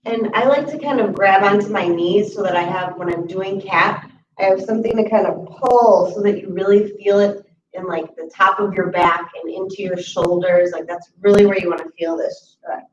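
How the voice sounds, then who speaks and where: Woman, chair yoga instructor, calm step-by-step cues, distant mic, faint hiss. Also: mid-range voice, moderate pace. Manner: calm instructive cueing of breaths and moves. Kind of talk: guided exercise class. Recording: roomy, distant, muffled audio with faint hiss.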